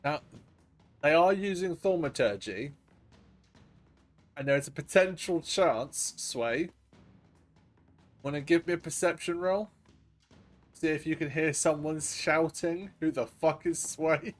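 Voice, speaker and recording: A man's voice: on the high side, slow pace, long pauses. A man narrating as dungeon master in a casual, laughing way that drops in swear words. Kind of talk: narrating a tabletop game. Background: faint ambient game music.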